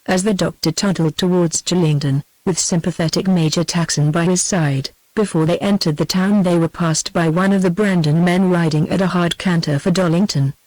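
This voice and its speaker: A synthetic text-to-speech woman's voice with a British English accent, narrating a classic novel in an even, machine-read way. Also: on the low side, normal speed, hardly any pauses, dry recording, poor audio. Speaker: audiobook narrator.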